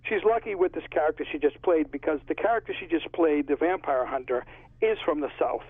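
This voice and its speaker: A man's voice: on the high side, a little fast, no room sound. A man with a Connecticut accent, an author chatting in a casual interview and rambling through stories. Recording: tinny phone line, husky.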